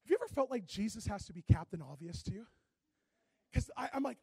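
A man preaching a fervent sermon, rising to shouted exhortations and calling for responses from the congregation. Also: very high-pitched, expressive, fast, creaky, husky, no echo.

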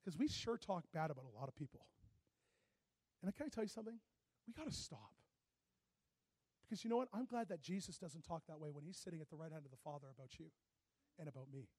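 A man's voice: fairly high pitch, fast talker, long pauses, slightly rough, no echo. A man preaching a sermon as a pastor, telling stories dramatically and often turning to the audience. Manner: animated, dramatic storytelling with plenty of asides to the audience.

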